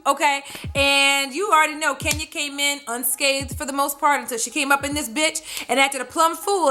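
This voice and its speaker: A woman doing a profane, sassy recap vlog of a reality show, acting out what people said. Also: high voice. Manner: sassy, animated, acts out quotes. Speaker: vlogger reviewing a reality show.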